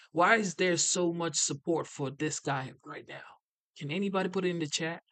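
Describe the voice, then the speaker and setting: A young man streams a casual reaction with a slightly high voice. He sounds incredulous and keeps asking his viewers to answer in the chat. He talks loosely and conversationally throughout. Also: a bit bright. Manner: incredulous, asks the chat questions.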